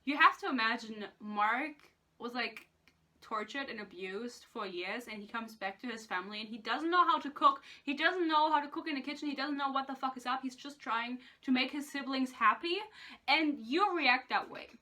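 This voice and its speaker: A young woman rants through a book review in a loose, sarcastic way, dropping swear words and "like" all the time. Her voice is bright and sits a little high. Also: moderate pace. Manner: sarcastic, swears a lot, lots of "like". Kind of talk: casual rant review.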